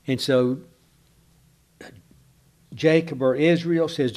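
A man's voice: medium pitch, fairly even intonation, slow pace, pauses often, a little mellow. A man preaching a sermon, reading scripture aloud and stopping for casual asides. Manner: reads scripture aloud, breaking off for conversational asides.

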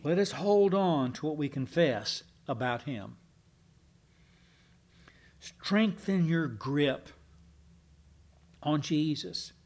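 A man preaching a Sunday night sermon, teaching emphatically with slow, deliberate stresses and occasional fillers. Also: on the high side, animated, a little mellow. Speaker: pastor.

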